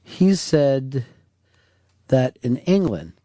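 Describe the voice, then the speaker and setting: Extremely slow yet very animated, a man with a warm, medium-pitched voice hosts a talk radio show. He jokes crudely with his co-host and takes callers in casual banter, captured dry on a studio microphone.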